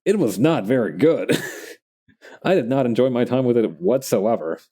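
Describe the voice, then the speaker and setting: A man's voice: medium pitch, expressive, normal speed, mellow, husky. A young man chatting casually while drawing on a live stream, rambling with lots of restarts and fillers and laughing at himself.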